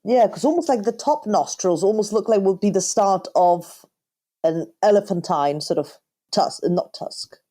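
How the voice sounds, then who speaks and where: A woman's voice: medium pitch, normal speed, mellow. A woman co-hosting a casual podcast chat, thinking aloud with hesitant, self-correcting phrasing. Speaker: podcast co-host.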